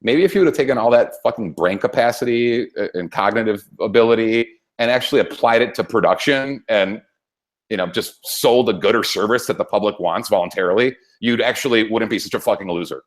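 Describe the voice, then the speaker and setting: Co-hosting a talk show, a man with a fairly low voice rants heatedly about politics at a fairly quick clip. He swears constantly and rambles, restarting his sentences again and again.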